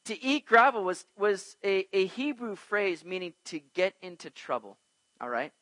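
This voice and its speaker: Working through Proverbs verse by verse, this pastor speaks in a high-pitched voice at a moderate pace. His delivery is lively as he puts questions to his listeners and acts out small scenes from daily life. It's a rough recording without any room sound.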